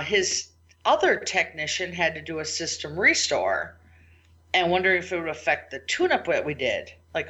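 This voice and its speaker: A woman hosting a podcast, telling a work story in a casual, animated way and acting out her own reactions and her clients' words. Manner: animated, quotes herself and clients with big pitch jumps. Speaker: IT business owner and podcast host.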